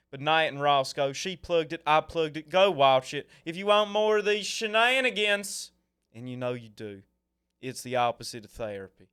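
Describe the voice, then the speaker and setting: A man with a smooth, resonant, slightly high voice jokes around as a guest on a casual comedy show. His banter is crude and fast. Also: a bit bright.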